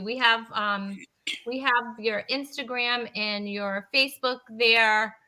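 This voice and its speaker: A woman's voice: a little high, slow, bright, forceful tone. A woman hosting a casual live-stream talk show, bubbly and chatty, laughing easily.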